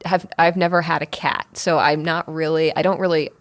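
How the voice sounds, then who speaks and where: Podcast co-host, female, lowish pitch, relaxed chatty storyteller. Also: fairly quick. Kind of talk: casual chat.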